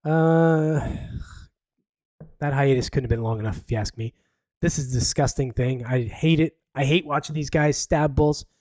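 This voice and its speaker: A fairly high-pitched man hosting a casual live podcast, reading out news stories and breaking off into sarcastic, rambling asides. The sound is close and dry, with no room around it. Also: moderate pace, darkish tone, no echo. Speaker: podcast host.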